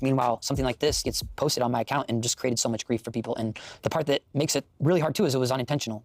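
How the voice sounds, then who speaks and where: An earnest man talks at a rapid clip, reflecting and apologizing, his sentences padded with fillers. A faint music bed runs behind him. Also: mid-range voice, no room sound. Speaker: artist and content creator. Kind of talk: reflective casual talk.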